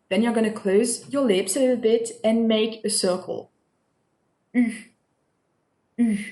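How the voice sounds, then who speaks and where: A woman's voice: a little high, darkish tone. A woman teaching pronunciation in a recorded lesson, patient and repetitive, often checking in with the listener. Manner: patient, repeats sounds and checks in with "all right?". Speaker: French teacher. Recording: echoey room.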